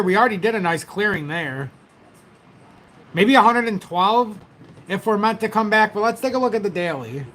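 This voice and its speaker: A man's voice: high voice, a bit bright, slight background noise. A man hosting a casual crypto livestream, rambling and chatty as he talks straight to his viewers through a tablet's built-in mic. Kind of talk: casual livestream market commentary.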